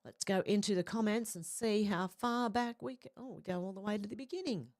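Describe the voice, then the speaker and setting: A woman's voice: mid-range voice, fairly quick, darkish tone, no echo, clean studio sound. An Australian woman hosting a casual live stream, reading viewer comments aloud in a chatty, slangy way.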